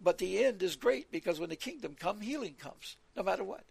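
A man's voice: high voice, animated, brisk, creaky, darkish tone, breathy edge, no echo. A man giving an earnest Bible teaching in a sermon style, reading verses aloud and often repeating his words. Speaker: preacher.

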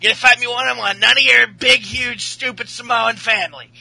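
A man's voice: very high-pitched, fairly even intonation, brisk, creaky, pushed and bright, dry recording, voice pushed up, heavily acted, low-quality recording. A man doing a sneering impression of a male pro wrestler who hurls profane insults. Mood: taunting.

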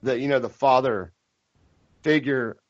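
A man's voice: mid-range voice, a little slow, no echo. A man with a Southern US accent, co-hosting a podcast in a laid-back, casual way. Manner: laid-back, says man and dude a lot. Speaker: podcast co-host. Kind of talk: casual chat. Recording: dull lo-fi podcast audio, dry.

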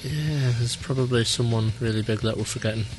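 Man, mid-pitched, rambling and laid-back, podcast co-host. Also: fairly quick, over music. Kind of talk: casual chat.

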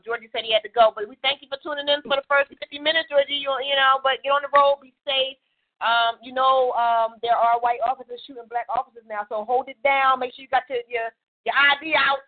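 Woman, radio host, casual chatty talk, high voice, tinny phone-line sound. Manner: chatty and laughing, talks quickly. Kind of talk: casual chat.

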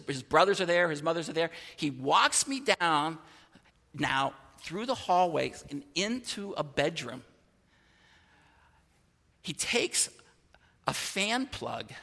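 A pastor giving a sermon, telling a personal story in an animated way and often restarting his phrases. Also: a little high, creaky, long reverb tail.

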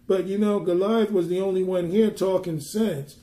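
A man's voice: sits high, steady tone, normal speed, mellow, echoey room. A man ministering, teaching a Bible passage conversationally and pressing his points with emphatic rhetorical questions.

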